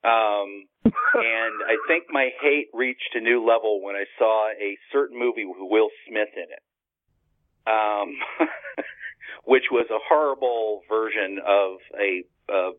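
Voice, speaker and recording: A man's voice: on the low side, a little slow. A man being interviewed as a guest author, talking casually and wryly and laughing at his own jokes. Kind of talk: casual podcast chat. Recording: phone-like call audio, dry.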